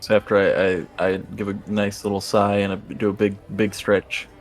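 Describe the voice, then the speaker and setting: A man's voice: on the low side, completely flat delivery, normal speed, faint music behind. A man playing in a tabletop game, offhand and playful as he announces his moves. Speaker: player. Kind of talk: casual tabletop play.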